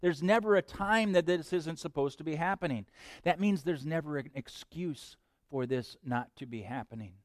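A man preaching a sermon as pastor, swinging between hushed lines and loud bursts. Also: a little high, moderate pace, dry recording, studio quality.

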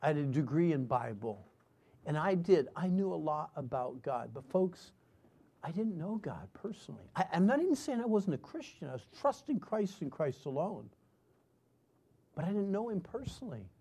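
Gravelly earnest male preacher. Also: fairly high pitch, very animated, normal speed. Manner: earnest storytelling, swinging from loud emphasis to hushed. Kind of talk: sermon with personal testimony.

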